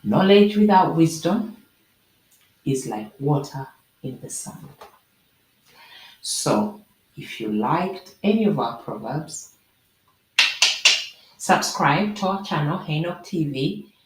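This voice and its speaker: A woman host explaining proverbs to viewers in an animated, preachy way with jokey asides. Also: deep voice, slow, long pauses. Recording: roomy echo.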